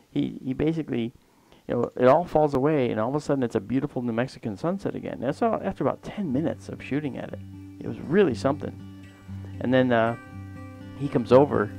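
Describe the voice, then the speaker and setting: A man's voice: mid-range voice, vocal fry, darkish tone. A man hosting a livestream and telling a long personal story in a casual, rambling way that often trails off mid-sentence. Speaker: livestream host.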